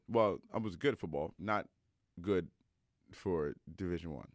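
Low-voiced man telling a story. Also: no room sound, studio quality. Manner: animated and emphatic, with many fillers. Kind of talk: casual storytelling monologue.

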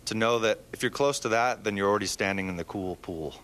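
A man being interviewed as a musician, joking and halting with fillers. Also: lowish voice, fairly bright tone. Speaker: musician guest. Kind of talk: casual interview.

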